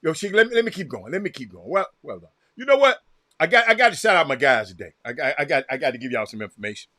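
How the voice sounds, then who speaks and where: A man with a Southern American accent hosting a casual livestream, reacting loudly to a game and calling out viewers by name. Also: on the high side, fast talker, no echo, studio quality. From Texas. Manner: excitable, reacts loudly to a game while chatting; addresses viewers by name, repeats himself. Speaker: livestream host. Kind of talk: casual chat with live viewers.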